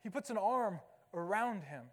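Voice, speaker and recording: A man's voice: high voice, animated, moderate pace, in a large hall. A man preaching a sermon as pastor, talking conversationally and posing rhetorical questions to the congregation. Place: church sanctuary.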